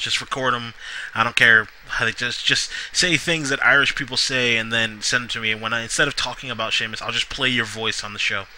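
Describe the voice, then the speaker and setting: Rambling guy reviewing wrestling, super bright voice, chatty and all over the place. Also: medium pitch, slight background noise, rough recording. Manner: rambling, lots of fillers and restarts. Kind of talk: casual solo review vlog.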